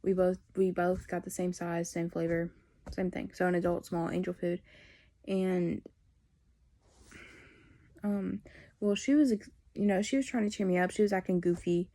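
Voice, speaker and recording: Young woman, vlogger, candid and rambling, level delivery, soft warm tone. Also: fairly low pitch, fairly even intonation, moderate pace, long pauses. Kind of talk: personal storytelling.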